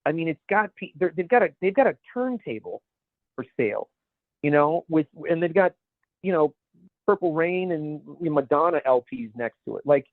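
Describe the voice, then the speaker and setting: A man's voice: on the high side, sing-song, normal speed, dry recording. A man co-hosting a podcast in casual chat, rambling and searching for words as he goes. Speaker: podcast co-host. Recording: dry, phone-like narrow sound.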